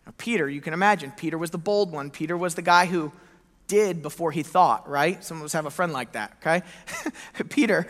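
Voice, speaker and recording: A bright, high-pitched male pastor preaches with lively storytelling, slipping into the voices of the people he quotes. His sermon rings out with a long hall reverb around it. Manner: animated storytelling, acting out quoted lines.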